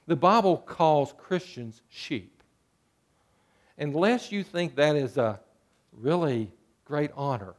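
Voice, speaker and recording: A man's voice: fairly high pitch, lively intonation, slow pace, long pauses. A man preaching a sermon, moving between earnest scripture reading and playful jokes with sheep bleats. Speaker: pastor.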